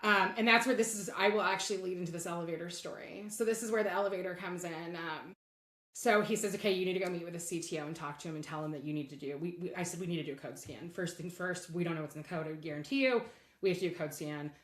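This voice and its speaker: A middle-aged woman telling a work story as a guest in a podcast interview, candid and animated, acting out bits of dialogue. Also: on the low side, fast talker, echoey room. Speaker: guest, legal operations leader.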